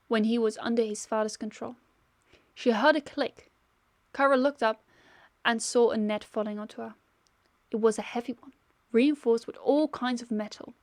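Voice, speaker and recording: A woman's voice: on the high side, no room sound. A woman who is a YouTuber reads her own story aloud in a casual way, often correcting herself. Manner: casual, self-correcting reader.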